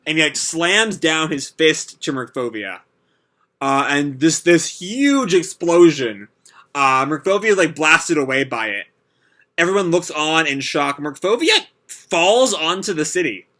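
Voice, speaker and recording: Bright-voiced man rambling through a manga. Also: on the high side, lively intonation, measured pace. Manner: rambling, heavy on "like" and "uh" fillers. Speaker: manga reaction video host. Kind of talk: reading a manga chapter aloud and commenting.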